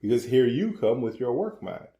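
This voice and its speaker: A husband co-hosts a casual podcast chat with his wife at home over breakfast. He talks in a measured, explanatory way and often acts out bits of dialogue. His voice carries a roomy echo. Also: mid-range voice, sing-song, creaky, dark tone.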